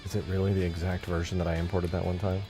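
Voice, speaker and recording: A young man hosting a casual livestream, hyper and jokey, often bursting into loud shouts. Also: low voice, little pitch movement, fast talker, music in the background. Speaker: livestream host and game modder.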